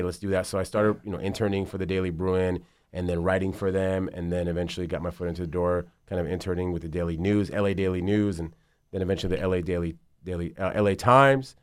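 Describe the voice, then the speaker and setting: A man's voice: sits low, smooth, dry recording, studio quality. A man in his thirties, a basketball agent, talking casually in an interview and rambling through his story with plenty of swearing. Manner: rambling, profane, animated storytelling.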